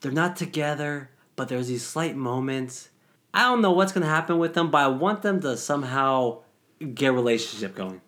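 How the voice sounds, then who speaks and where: Earnest, halting guest voice. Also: medium pitch, lively intonation, fairly bright tone. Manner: earnest, halting, repeats words. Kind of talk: casual chat.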